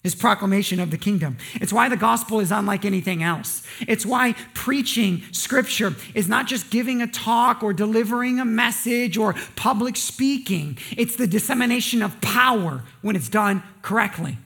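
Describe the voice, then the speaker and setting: Male pastor with a high voice, casual sermon full of rhetorical questions. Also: normal speed, vocal fry, few pauses, fairly bright tone. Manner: conversational, joking asides, rhetorical questions.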